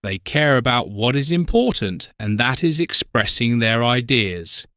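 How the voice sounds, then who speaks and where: Male narrator for learner stories: slow, clear, lively pitch, dry recording. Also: no room sound. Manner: slow, clear, simple sentences. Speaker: story narrator. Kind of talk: graded-reader story narration for learners.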